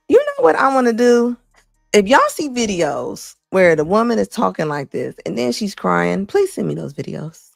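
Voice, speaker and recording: Blunt gravelly woman commentator. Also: medium pitch, very animated, normal speed, no echo, studio quality, soft background music. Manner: blunt, emphatic, repeats lines for effect. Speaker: commentary host. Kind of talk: casual reaction commentary.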